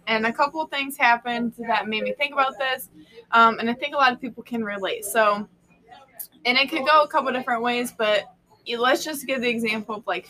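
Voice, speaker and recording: A woman's voice: fairly high pitch, bright, forceful tone, rough recording. A woman hosting a casual live-stream chat with a friend, bubbly and chatty, laughing often. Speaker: host.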